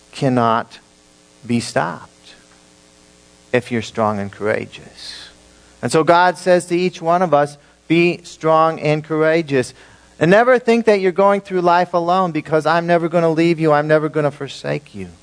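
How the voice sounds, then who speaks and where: A male pastor preaching an emphatic sermon to his congregation, swinging between loud declarations and hushed, slow emphasis. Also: on the high side, clean tone, poor audio.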